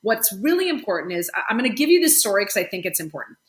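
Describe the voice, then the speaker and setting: A woman guest on a podcast, talking casually and telling a story with lively acted-out dialogue. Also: mid-range voice, very fast. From California. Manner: animated storyteller, acts out quoted dialogue. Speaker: guest, intuitive life coach.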